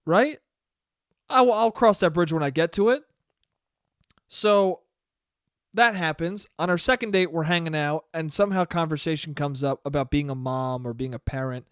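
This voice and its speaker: A man's voice: fairly high pitch, moderate pace, smooth, no room sound, clean studio sound. A man hosting a solo podcast, telling stories in a casual, profane way and laughing often. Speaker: podcast host.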